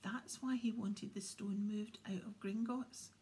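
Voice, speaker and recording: A woman's voice: medium pitch, fairly even intonation, measured pace, warm tone, natural voice. A woman voicing a bossy, bookish schoolgirl in whispered role-play, eager and lecturing.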